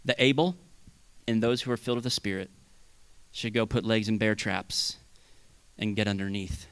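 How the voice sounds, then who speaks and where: A man preaching a sermon as pastor, swinging between loud bursts and hushed asides. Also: on the low side, steady tone, normal speed, long pauses, clean tone.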